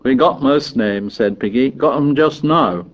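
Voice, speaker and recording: A man's voice: mid-range voice, unhurried, lo-fi sound. A man voicing a timid, anxious schoolboy who chatters nervously. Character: timid bespectacled boy, anxious and fussy.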